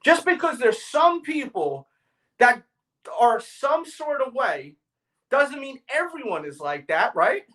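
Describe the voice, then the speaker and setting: A man's voice: extremely high pitch, sing-song, slow pace, rough recording. Blunt man with a New York accent. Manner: blunt, forceful, argumentative tone. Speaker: livestream host. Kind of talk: casual livestream chat.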